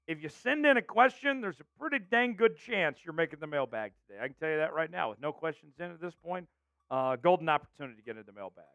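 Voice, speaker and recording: Energetic man hosting a live sports show. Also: on the high side, fast talker, vocal fry, no room sound, highs cut off. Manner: energetic, reads viewer names from chat. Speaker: show host.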